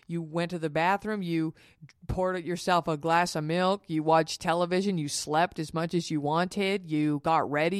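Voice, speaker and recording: A woman's voice: low-pitched, smooth, dry recording, clean studio sound. A woman hosting a podcast, telling a personal story in a frank, emphatic and confiding way and calling her listeners honeys. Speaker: podcast host.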